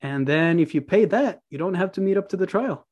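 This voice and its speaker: A man's voice: high voice, animated, brisk, a little mellow. A young man from Norway, telling a story as a podcast guest in a laid-back way, swearing and laughing a lot. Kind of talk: casual storytelling.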